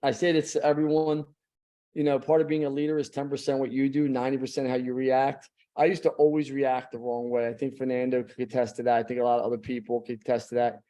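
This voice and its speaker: A man's voice: medium pitch, flat delivery, fast, mellow. A middle-aged man giving a blunt, emphatic motivational talk as a guest speaker.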